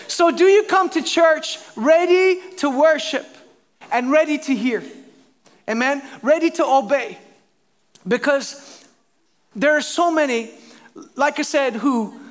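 A middle-aged man preaching a sermon as a pastor, telling stories with lively acted voices and asides to the congregation. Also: very high-pitched.

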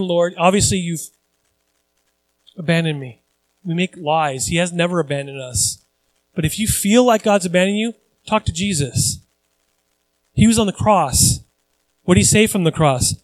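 A man's voice: high-pitched, expressive, normal speed, long pauses, no echo, low-quality recording. A male pastor preaching a sermon in a conversational way, repeating phrases for emphasis and acting out the voices of people he quotes.

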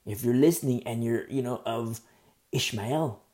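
A man preaching verse by verse, earnest and rambling, stumbling over hard names and pausing often because his throat is sore. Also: medium pitch, a little mellow. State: sore throat, pauses to drink tea. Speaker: pastor. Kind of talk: verse-by-verse Bible teaching.

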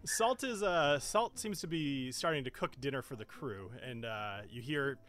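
Chatty young game master with a bright voice. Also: male voice, medium pitch, lively intonation, moderate pace, faint music behind. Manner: chatty, laughs often, frequent restarts. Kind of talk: narrating a tabletop game.

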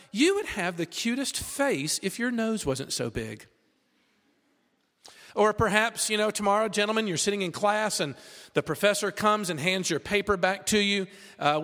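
A man's voice: sits high, fairly bright tone. A man preaching a sermon to students, reading scripture and then talking in a conversational way with rhetorical questions. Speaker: campus preacher. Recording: reverberant hall.

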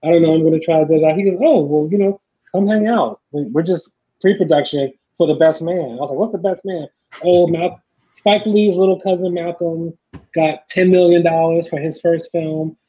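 A middle-aged man telling stories in a casual chat, acting out the people he quotes in lively voices. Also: a little high, moderate pace. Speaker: podcast guest, filmmaker. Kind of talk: casual storytelling. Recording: dull lo-fi sound.

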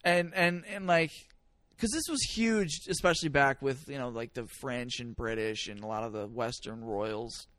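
A man's voice: mid-range voice, moderate pace, no room sound. A man in casual podcast chat, drifting into tangents and swearing as he talks. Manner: animated, given to tangents and swearing.

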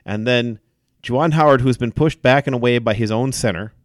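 A man co-hosting a casual sports podcast, telling events in an animated way with many fillers. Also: medium pitch, brisk, no room sound, studio quality. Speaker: podcast co-host.

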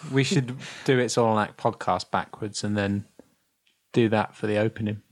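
A man's voice: on the low side, steady tone, moderate pace, no echo. A man chatting on a podcast, joking and goofy. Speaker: podcast co-host. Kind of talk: casual chat.

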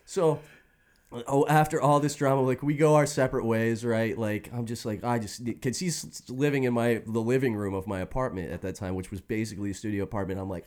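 A man's voice: mid-range voice, brisk. A man telling a long story in casual chat, swearing freely and laughing often. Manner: profane, animated, laughs often.

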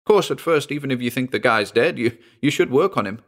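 A man voicing an earnest young boy telling what he saw in a halting, excited way. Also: medium pitch, voice pushed up.

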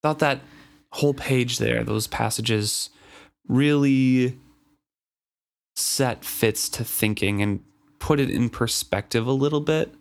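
A man's voice: mid-range voice, slow, vocal fry, pauses often. A man co-hosting a podcast, discussing a book in a thoughtful, hesitant manner. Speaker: podcast co-host.

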